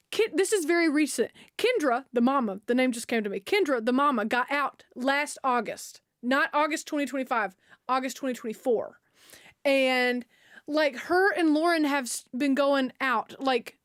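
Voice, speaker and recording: A woman's voice: sits high, no echo, studio quality. A young woman streamer retelling a story in casual, slangy chat, full of fillers and outbursts.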